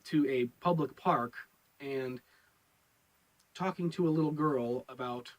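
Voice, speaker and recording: A man's voice: medium pitch, unhurried, poor audio. A man giving a casual review of a TV episode, rambling and repeating his words with many fillers. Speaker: show reviewer.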